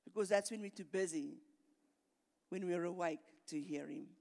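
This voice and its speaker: A woman's voice: on the low side, normal speed, vocal fry, mellow. Woman pastor preaching in a reverberant hall. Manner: earnest, repeats words, builds intensity. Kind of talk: sermon. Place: church hall. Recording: long reverb of a church hall.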